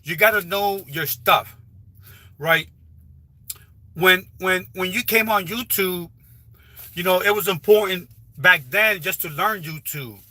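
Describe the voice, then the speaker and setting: Man, high and bright-toned, rambling casual livestream advice, dry close phone sound. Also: slow, pauses often, dry recording. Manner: rambling, repetitive, with frequent restarts. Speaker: livestreaming YouTuber. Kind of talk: casual live stream advice talk. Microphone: phone held while livestreaming.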